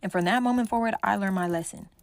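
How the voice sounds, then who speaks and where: A young woman tells a chaotic party story straight to the mic, animated and loose-tongued. Her voice sits at an ordinary middle pitch and sounds dry and close, with no room around it. She acts out everyone's lines as she goes. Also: fast talker, no room sound. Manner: animated, swears freely, acts out quotes. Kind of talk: casual storytime.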